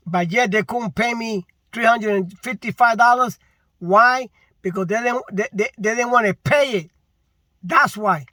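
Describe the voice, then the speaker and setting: A man with a very high, bright voice rants slowly about his work in a casual vlog. He is frustrated and repeats his points for emphasis. The recording is dry and close. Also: no echo. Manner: frustrated, repetitive, emphatic complaining. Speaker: delivery driver.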